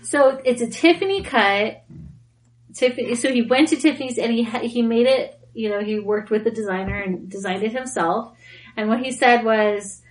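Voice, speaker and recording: Excitable higher-voiced woman storyteller. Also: normal speed, rough recording. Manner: excitable storyteller, laughs often. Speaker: podcast co-host. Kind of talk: casual chat.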